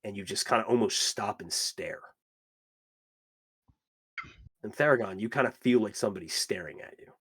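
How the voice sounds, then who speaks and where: A man running a tabletop game as game master, casual and animated, swearing often. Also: lowish voice, fast, slightly rough.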